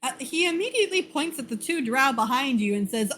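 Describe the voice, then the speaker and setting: A woman's voice: high-pitched, lively intonation, fairly quick, a bit bright, a little hiss or hum, rough recording. A woman narrating a tabletop game as game master, casual with laughing asides.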